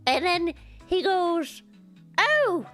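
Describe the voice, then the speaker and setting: A woman voicing a doting, chatty old grandmother with vocal fry, drawing out the ends of her sentences. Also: extremely high pitch, very animated, a bit bright, soft background music, voice pushed up, heavily acted. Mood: fond. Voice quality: vocal fry, wavering up-and-down sing-song. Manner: drawn-out endings, fussing. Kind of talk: streamer putting on a character voice.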